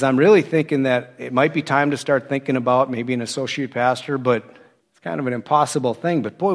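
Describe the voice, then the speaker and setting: Man preaching a conversational sermon. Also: mid-range voice. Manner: conversational storytelling, animated quoted asides. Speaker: associate pastor turned preacher. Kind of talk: sermon with personal testimony.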